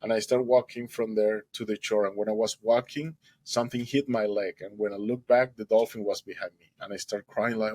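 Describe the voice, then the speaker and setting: A man with a husky, slightly breathy voice tells his own dramatic survival story as a heartfelt testimony. His English has simple, non-native grammar, and his delivery is earnest and emotional. The recording is dry and close, with no room sound. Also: on the low side, steady tone, fairly quick, hardly any pauses, a little mellow, no echo, low-quality recording.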